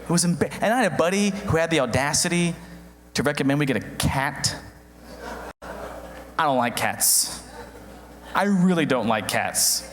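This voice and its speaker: A young man performing a stand-up comedy routine in an animated way, acting out the voices of other people. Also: on the high side, moderate pace, pauses often. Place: comedy stage before an audience. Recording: live stage with long hall reverb.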